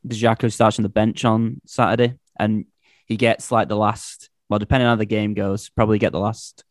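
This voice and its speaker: A man's voice: on the low side, level tone, a little fast, dry recording. Casual male podcast host, hesitant and chatty, dry close sound. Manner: hesitant, many fillers and restarts. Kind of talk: casual football podcast chat.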